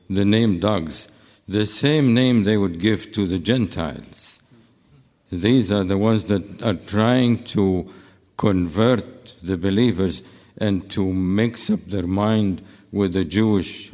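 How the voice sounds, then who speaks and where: Slow, deep-voiced man explaining scripture. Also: a little mellow. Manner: measured, deliberate, cites verses carefully. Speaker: Bible study speaker. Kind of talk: Bible study teaching. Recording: long reverb of a large hall.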